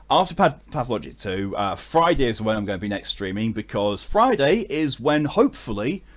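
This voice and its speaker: Rambling English man, low voice. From England. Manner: rambling, many fillers and restarts. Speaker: streamer. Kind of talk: casual end-of-stream chat.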